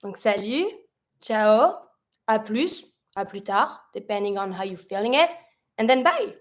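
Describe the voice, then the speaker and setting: A woman's voice: mid-range voice, animated, unhurried. A woman, a native French speaker, teaching French greetings in a chatty way, asking herself questions and answering them. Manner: sprinkles fillers like "like".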